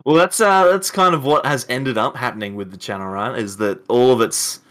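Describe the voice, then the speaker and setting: A man's voice: medium pitch, brisk, a bit bright. A man with an Australian accent who runs a card game channel, chatting casually on a podcast, rambling and often laughing. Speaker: YouTube channel host, card game player.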